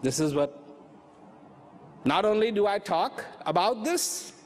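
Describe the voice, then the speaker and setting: Slow, high-voiced man speaking in a hall. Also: lively intonation, a little hiss or hum. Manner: slow, reflective, repeats phrases for emphasis. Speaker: speaker on inner peace. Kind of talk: inspirational talk to an audience. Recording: hall reverb with faint ambience.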